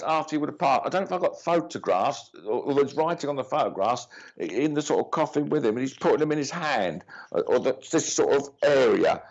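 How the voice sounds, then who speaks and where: A man's voice: medium pitch, gravelly, dull audio. A man giving a live mediumship reading, chatty and cheeky, with many restarts and asides.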